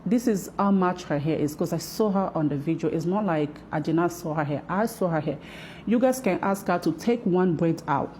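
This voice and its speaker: A woman's voice: on the low side, moderate pace, mellow, a little hiss or hum. Emphatic woman braider defending herself. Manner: emphatic, repetitive, rising into heated outbursts. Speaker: hair braiding shop owner. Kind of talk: defensive video monologue.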